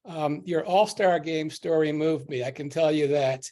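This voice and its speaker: A man's voice: a little high, normal speed, mellow. A man from the audience, earnestly thanking the speakers and sharing a memory. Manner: earnest, grateful, reminiscing. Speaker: audience member. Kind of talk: casual comment in a video session.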